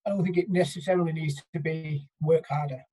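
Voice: mid-range voice, steady tone, a little fast, mellow, slightly rough, low-quality recording. A person co-hosting a casual podcast, thinking aloud with hesitant restarts.

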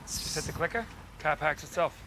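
A man's voice: on the high side, brisk, noisy background, lightly acted. An actor playing a cocky male driver with a Boston accent, showing off his car in a TV commercial. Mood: boastful. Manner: brash, teasing. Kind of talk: TV commercial acting.

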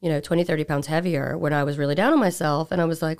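A woman who runs a boudoir photography studio, talking candidly and relaxed as a podcast guest. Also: deep voice, fast, clear, resonant tone. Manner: relaxed, candid, laughs easily. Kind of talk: casual interview chat.

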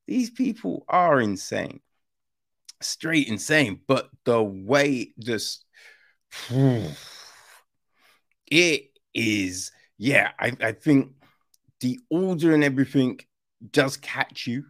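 A man hosting a film podcast, reviewing a movie in loose, slangy casual chat, acting out quoted lines and leaning on fillers. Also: on the high side. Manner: animated, slangy, acts out quoted lines in other voices; drawn-out, loose delivery with many fillers.

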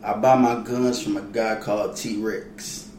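A man's voice: fairly low pitch, level tone, a little slow, a little mellow. A laid-back man co-hosting a casual podcast, trading slangy banter and laughing often. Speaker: podcast co-host. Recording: echoey room with faint noise.

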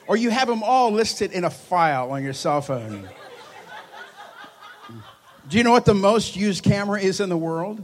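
A man delivering a charismatic sermon in a church hall, slightly higher in pitch than most men. He is animated and playful, teasing his congregation, and swings from quiet asides to loud, emphatic bursts. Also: normal speed, long pauses, slight background noise. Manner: animated, joking, lively swings in loudness. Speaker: preacher.

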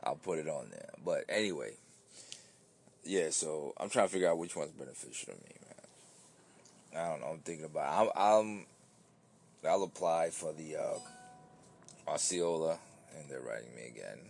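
A man's voice: very deep voice, expressive, moderate pace, vocal fry, pauses often, a little mellow. A man hosting his own podcast, talking loosely and rambling, with restarts and casual swearing, tired from an early start. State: tired, yawning. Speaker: podcast host.

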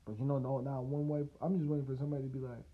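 A man's voice: mid-range voice, level tone, very fast. A man hosting a casual solo podcast, talking loosely and profanely, rambling with laughs and restarts. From United States. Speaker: podcast host. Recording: tinny phone-like line.

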